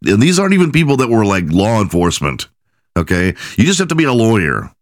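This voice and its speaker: A man's voice: lowish voice, sing-song, fast talker, no room sound, studio quality. A man hosting a podcast, telling loose, profane stories in a casual monologue and laughing at his own jokes. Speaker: podcast host.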